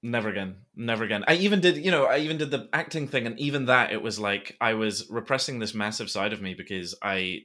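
A man hosting a podcast, talking casually in a frank, animated way and swearing now and then. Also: fairly low pitch, quick pace, hardly any pauses. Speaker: podcast host. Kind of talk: casual chat.

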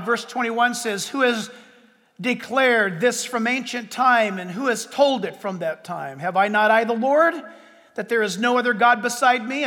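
Man, pastor, emphatic sermon, dramatic pauses, very high voice, long hall reverb. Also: pushed and bright.

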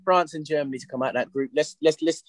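A man's voice: fairly high pitch, quick pace. A man hosting a football podcast, talking in brash, slang-heavy banter. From England. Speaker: podcast host. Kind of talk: casual football podcast chat.

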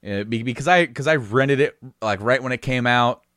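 A man in his thirties telling childhood stories in casual chat, laughing often and putting on high voices for quotes. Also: normal speed, dry recording, clean studio sound. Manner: animated, laughs often, jumps into high squeaky voices when quoting himself.

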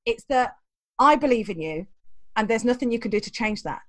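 A woman in an interview, telling animated stories from her life and acting out the voices of the people in them, often laughing. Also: a little high, fairly quick, no room sound. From England. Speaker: guest, teacher trainer. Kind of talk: storytelling interview.

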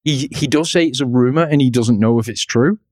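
A man's voice: medium pitch, a little fast, a little mellow, no echo. Chatty male podcast co-host, dry sound. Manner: chatty storyteller, laughs at his own jokes. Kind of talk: casual chat recapping a cartoon episode.

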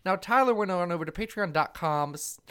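Young guy rambling on a podcast, jokey, kinda high voice. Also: lively intonation, brisk, bright, forceful tone, clear, resonant tone. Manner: rambling, jokey, self-deprecating. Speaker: podcast co-host. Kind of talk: casual podcast chat.

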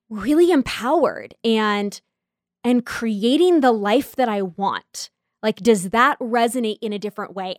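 A woman with a fairly high voice hosts a casual solo podcast. She talks candidly and reflectively, drifting into chatty asides. Her voice sits close and dry, with no room sound. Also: no echo. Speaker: podcast host.

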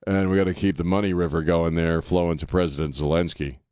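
A man's voice: low-pitched, steady tone, fast talker, darkish tone, clear, resonant tone, no echo. Male talk radio host, blunt and sarcastic, rambling monologue, dry close studio sound.

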